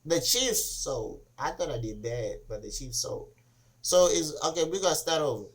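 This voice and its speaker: Podcast host, man, lighter voice, animated storyteller acting out quotes in casual sports chat. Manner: animated storyteller, acts out quotes with rising pitch.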